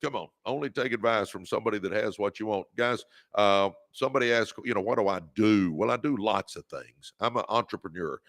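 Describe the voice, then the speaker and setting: This man from Texas runs a livestream with a preachy motivational message, repeating phrases, calling listeners "baby" and naming viewers as he greets them. He speaks fairly quickly with hardly any pauses in a low, fairly bright voice, recorded cleanly in a studio with no echo.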